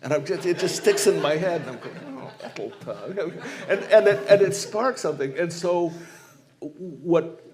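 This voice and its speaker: A man's voice: high-pitched, moderate pace, darkish tone. A man from Maine, a humorist telling anecdotes and reflecting on humor in a live stage interview, speaking in a rambling, searching way. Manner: rambling anecdotal storyteller, many fillers and restarts, reflective. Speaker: humorist guest. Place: small live performance venue.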